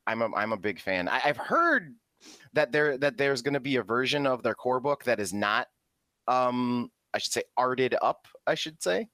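A man's voice: mid-range voice, expressive, normal speed, pushed and bright, dry recording. A man co-hosting a casual tabletop gaming podcast, laughing a lot and often restarting his sentences. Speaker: podcast co-host. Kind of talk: casual chat about tabletop games.

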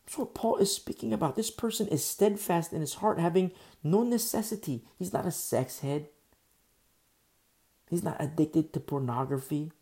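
A man's voice: fairly high pitch, moderate pace, warm tone. A man, the church's pastor, preaching a sermon, going through scripture verse by verse, repeating key phrases for emphasis and asking his listeners rhetorical questions.

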